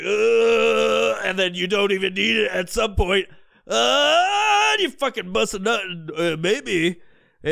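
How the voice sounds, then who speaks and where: Profane, animated man on a podcast, gravelly voice. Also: a little high. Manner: profane, animated, acts out voices mid-story. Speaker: podcast host. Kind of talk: crude comedic podcast rant.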